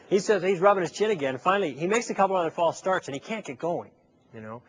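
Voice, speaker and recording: Husky-voiced man lecturing. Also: high-pitched, lively intonation, quick pace, fairly bright tone. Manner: storytelling, acting out both sides of a conversation; conversational and persuasive, with rhetorical questions. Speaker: public speaker. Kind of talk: lecture to a live audience.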